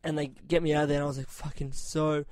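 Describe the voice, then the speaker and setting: A man on a podcast tells a crude, rambling story in casual chat, slipping into quick impressions of the people he met. His voice sits a touch high. The sound is dry and close, with no room echo. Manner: profane, animated anecdotes with quoted voices. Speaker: podcast host.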